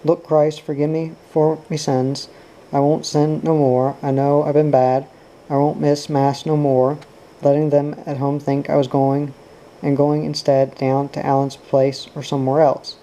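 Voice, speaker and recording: A man reading aloud, voicing a frightened, guilty boy who pleads with God in a low mutter. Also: level tone, unhurried, dark tone, poor audio. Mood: pleading. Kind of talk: audiobook reading.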